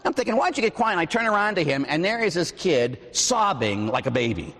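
A man's voice: high voice, very animated, fairly quick, fairly bright tone, big-room sound. A man in his forties from Pittsburgh, a Catholic priest giving a conversational sermon, telling stories and tossing in "huh?" asides. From Pittsburgh, USA. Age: 40s. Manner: conversational, storytelling, frequent "huh?" asides, acts out quoted voices. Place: church.

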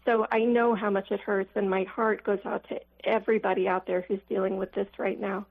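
A woman's voice: mid-range voice, flat delivery, brisk. A woman in her fifties calling in to a radio show, speaking earnestly and reflectively. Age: 50s. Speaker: caller. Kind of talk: call-in radio caller. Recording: tinny phone line.

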